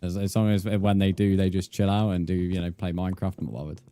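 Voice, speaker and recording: A man's voice: sits low, flat delivery, quick pace, warm tone, clear, resonant tone. Laid-back man streaming games. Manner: laid-back, chatty, calls viewers mate. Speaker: game streamer. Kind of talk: casual livestream chat while playing.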